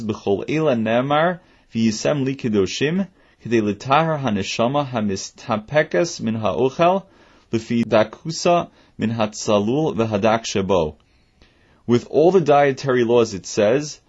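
Male teacher, husky voice, alternates reading a text with casual explanation, muffled lo-fi recording. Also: on the low side. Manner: reads passages then explains them in a plain conversational aside. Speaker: Torah teacher.

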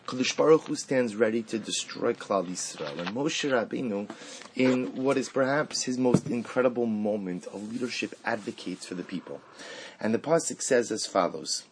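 A man teaching a Torah lesson, mixing Hebrew quotes into animated rhetorical questions. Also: mid-range voice, normal speed, a little hiss or hum, low-quality recording. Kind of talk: Torah class on the weekly portion.

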